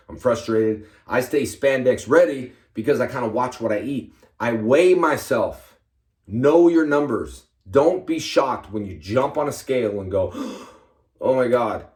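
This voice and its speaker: A man's voice: lowish voice, reverberant. Emphatic man giving punchy fitness advice. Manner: energetic, emphatic, punchy short commands. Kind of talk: motivational talk to fans.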